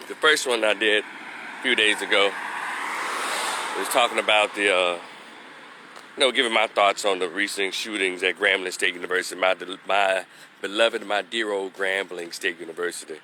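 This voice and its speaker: A man's voice: lowish voice, fairly even intonation, moderate pace, sharp tone, a little hiss or hum. A man doing a casual live vlog outdoors, talking into a phone while getting over a cold, rambling and losing his train of thought. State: recovering from a cold, slightly stuffy. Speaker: vlogger giving opinions. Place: outdoors walking past a construction site.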